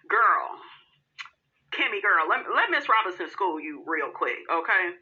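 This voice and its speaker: Sassy woman with a bright, lo-fi voice. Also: on the low side, normal speed. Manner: sassy, animated, calls listeners honey and girl. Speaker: reality TV recap host. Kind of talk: casual recap commentary.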